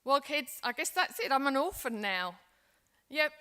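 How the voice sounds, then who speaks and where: This is an aging migrant mother calling her grown children abroad, acted by a woman. Her voice sits high and bright with a tense edge. She talks in a warm, chatty, affectionate way. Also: big pitch swings, moderate pace, full character voice. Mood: tender. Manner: chatty, affectionate, talking on the phone. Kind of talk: acted role-play in a seminar.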